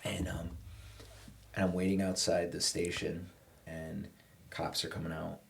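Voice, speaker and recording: A man with a fairly low voice tells a story in a relaxed podcast conversation. He is animated and acts out the people he quotes with changes in voice. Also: unhurried, gravelly, slight background noise. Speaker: podcast guest. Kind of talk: casual storytelling chat.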